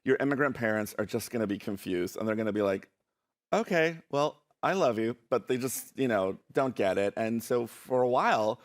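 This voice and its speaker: A man's voice: lowish voice, fairly quick, hardly any pauses. Playful man telling stories onstage. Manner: playful, self-mocking, laughing through lines. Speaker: spoken word poet and storyteller. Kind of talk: live comic storytelling and poetry reading.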